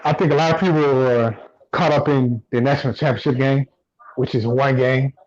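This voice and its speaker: A man co-hosting a casual sports podcast, relaxed and repeating himself as he thinks. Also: medium pitch, moderate pace, muffled recording. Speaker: podcast co-host.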